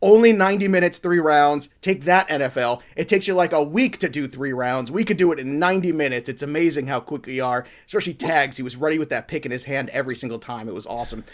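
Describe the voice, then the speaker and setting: A man's voice: a little high, fast, few pauses. Upbeat joking man hosting a sports show. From Italian-American family. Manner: joking, enthusiastic, rambling. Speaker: podcast host.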